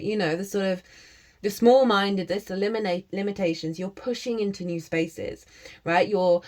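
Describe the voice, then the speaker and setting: Tarot reader woman, slightly low voice, casual and encouraging to camera, slips into chanted made-up syllables. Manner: chatty, encouraging, with frequent laughs.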